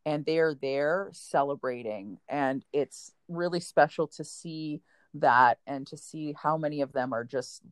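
A woman's voice: low voice, unhurried, smooth, dry recording. Woman, coach, emotional, near tears, dry close sound. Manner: emotional, close to tears while telling a story. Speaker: guest, competition coach. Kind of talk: heartfelt storytelling in conversation.

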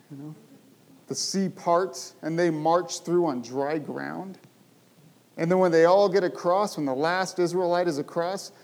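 A man's voice: on the high side, darkish tone. A man preaching a sermon, telling a story with emphasis and asking his listeners rhetorical questions.

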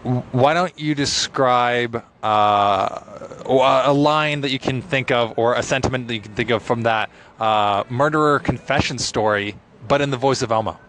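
A man's voice: mid-range voice, a bit bright, slight background noise. Playful man chatting in a car. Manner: playful, halting with fillers. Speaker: podcast co-host, narrator. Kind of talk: casual chat.

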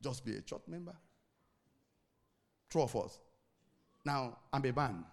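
A pastor delivers a sermon in a gravelly, mid-range voice, with lively intonation and a measured pace. He repeats key phrases and puts call-and-response questions to the congregation for them to answer.

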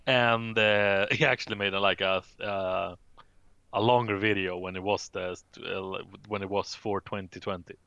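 A man's voice: lowish voice, fairly even intonation, normal speed, vocal fry, sharp tone, clean tone, no echo, muffled recording. A man co-hosting a casual gaming chat, joking, swearing and rambling through stories. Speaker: podcast co-host.

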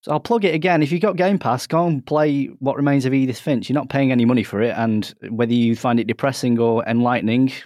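A British man hosting a casual gaming podcast, chatty and animated, cracking jokes with his co-hosts. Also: medium pitch, fast talker, hardly any pauses, no room sound, clean studio sound. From Britain. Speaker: podcast host.

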